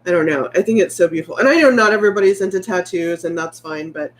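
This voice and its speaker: A fast-talking woman in her late 30s with a lowish voice goes through viewer comments on a casual livestream. As a vlogger, she rambles candidly and sounds heartfelt; slight background noise is present.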